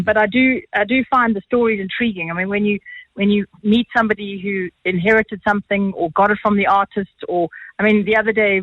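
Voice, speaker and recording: A woman with a South African accent, an art auctioneer guest telling lively, chatty anecdotes quickly in a phone interview. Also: mid-range voice, no room sound. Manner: fast-talking, chatty, animated. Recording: tinny phone line, dry.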